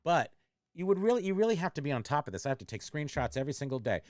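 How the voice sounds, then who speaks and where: Man, middle-aged, smooth clear voice, dry close sound, rambling livestream chat. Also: on the high side, sing-song, racing, no room sound. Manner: rambling, self-interrupting, reads chat comments aloud. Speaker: online reseller and livestream host.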